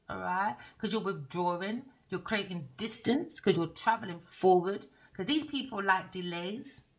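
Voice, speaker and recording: A woman reads tarot cards in a bright, sharp-edged voice. She talks scornfully and theatrically, peppering her reading with swearing. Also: mid-range voice, creaky, rough recording. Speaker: tarot reader.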